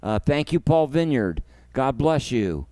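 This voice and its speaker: Smooth-voiced emotional man hosting a livestream. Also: medium pitch, very animated, unhurried, no room sound. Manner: emotional, effusive, thanks viewers warmly by name. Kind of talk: casual livestream chat.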